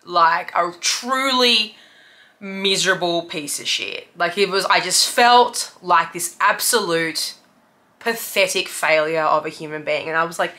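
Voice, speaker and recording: A young woman speaking candidly about her worst moment as a business owner. Her voice is bright and crisp. She swears freely and laughs ruefully through painful memories, sounding close to tears at times. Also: on the low side, big pitch swings, normal speed. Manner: raw, confessional, swearing often, laughing through hard memories. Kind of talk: candid personal storytelling.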